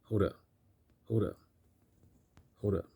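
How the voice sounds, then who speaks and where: A man's voice: fairly low pitch, takes it slowly, gravelly, dark tone, slightly rough. A man hosting a video who rants in preachy street slang over film clips, repeating himself and keeping up a string of restarts. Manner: repetitive, stumbling restarts. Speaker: video host.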